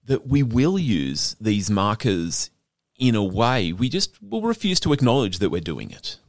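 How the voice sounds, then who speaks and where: Lively low-voiced male interviewer. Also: a little slow, no echo, studio quality. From Australia. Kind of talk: conversational interview.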